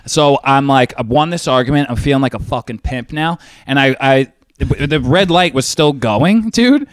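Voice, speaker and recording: A young man telling a profane, animated story in casual chat. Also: mid-range voice, normal speed, dry recording, studio quality. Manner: profane, animated storytelling, says dude a lot.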